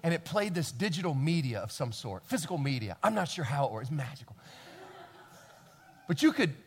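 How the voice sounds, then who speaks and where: High-voiced pastor preaching animatedly. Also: male voice, fairly quick. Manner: animated, stammering restarts, swinging from quiet to loud. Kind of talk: sermon. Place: church.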